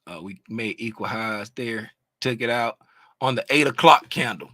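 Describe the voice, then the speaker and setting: Bright-voiced man teaching chart reading. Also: on the low side, moderate pace, no echo, clean studio sound. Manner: animated, sings out terms, asks the audience questions. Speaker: trading educator. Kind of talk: live chart walkthrough.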